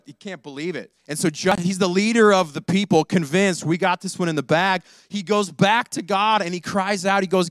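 With a voice that sits high, a young man preaches a laid-back sermon as a pastor, acting out characters' dialogue and using slang in his animated storytelling. No room sound is audible.

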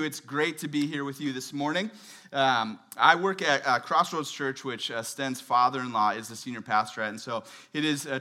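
A man in his thirties giving a relaxed, chatty guest sermon with light humor and lots of fillers. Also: fairly high pitch. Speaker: guest pastor. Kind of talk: conversational sermon. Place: church service.

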